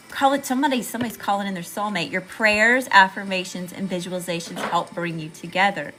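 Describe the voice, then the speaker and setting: A woman's voice: mid-range voice, fast talker, hardly any pauses, music in the background, low-quality recording. A woman with a Southern US accent giving a chatty, slangy live tarot reading to viewers, calling them y'all. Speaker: tarot reader.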